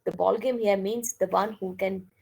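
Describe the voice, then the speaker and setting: A woman's voice: mid-range voice, fairly even intonation, moderate pace, vocal fry, a little mellow, low-quality recording. A woman giving a classroom lecture, mixing languages and often checking with "okay?". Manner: code-switches and keeps checking with "okay?".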